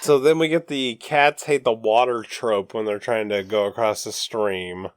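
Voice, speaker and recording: A man's voice: fairly low pitch, fairly even intonation, moderate pace, clear, resonant tone, no echo, clean studio sound. A man co-hosting a podcast, casually recapping a film plot step by step and laughing easily. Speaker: podcast co-host. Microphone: studio microphone.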